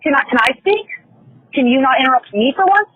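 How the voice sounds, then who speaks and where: High-voiced defensive woman on a phone line. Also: expressive, breathy edge, no echo. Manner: defensive, halting, repeats herself. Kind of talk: heated phone argument.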